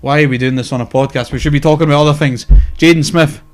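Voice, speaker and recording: A man in relaxed podcast banter. His voice sits a touch high, and he talks with lively energy, dropping swear words and the odd laugh as he argues a point. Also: rapid-fire. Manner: animated, swears often, laughs. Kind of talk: casual chat.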